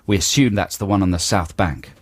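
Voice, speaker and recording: In a studio, a low-voiced man co-hosts a comic radio show, reading listener emails briskly with dry asides and playful impressions. The studio microphone gives a clean sound with no echo.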